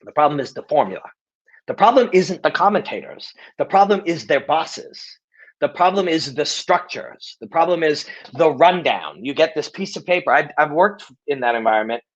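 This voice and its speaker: A man's voice: a little high, lively intonation, moderate pace, muffled recording. A middle-aged man hosting a live Q&A, speaking bluntly and emphatically, cursing freely and restating his points. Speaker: host of a live Q&A show. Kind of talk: casual live Q&A monologue.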